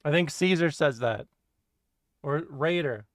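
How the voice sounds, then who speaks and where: A streamer chatting casually with viewers, rambling and laughing, often trailing off to quiet mumbles. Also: mid-range voice, unhurried, no echo. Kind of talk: casual live stream chat.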